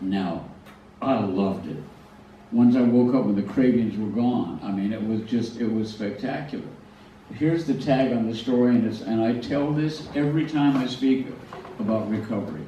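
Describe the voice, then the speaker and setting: An older man tells self-deprecating stories to a live audience, often stumbling and restarting his sentences. His voice sits at a middle pitch. It is picked up from well back in a big, very echoey hall, and the sound is a little dull. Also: dark tone, far from the mic, a little hiss or hum. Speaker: speaker at a museum talk. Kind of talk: storytelling talk to an audience. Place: large hall.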